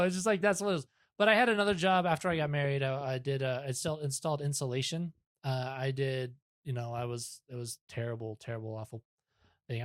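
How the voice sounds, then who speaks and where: A man's voice: medium pitch, fairly bright tone, dry recording, studio quality. A young man talking as a podcast guest in casual chat, rambling and self-deprecating, with many restarts.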